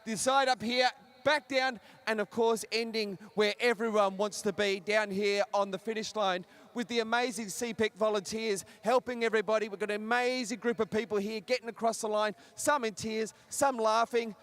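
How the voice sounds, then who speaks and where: High-voiced, upbeat man hosting. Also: fairly even intonation, moderate pace, a bit bright. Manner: upbeat, exclamatory, calls out to the crowd. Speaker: trackside host. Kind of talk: live event hosting and interviews. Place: outdoors at a stadium finish line.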